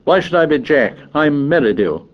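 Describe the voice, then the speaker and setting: A man's voice: fairly high pitch, big pitch swings, moderate pace, muffled recording, voice pushed up. A man voicing a bossy, arrogant teenage boy who leads a choir, speaking in curt commands. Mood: haughty.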